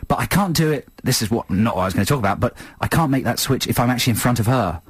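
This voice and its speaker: Man, radio co-host, animated pitch, chatty banter, laughs often. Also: racing, husky, no echo. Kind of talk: casual radio chat. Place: radio studio.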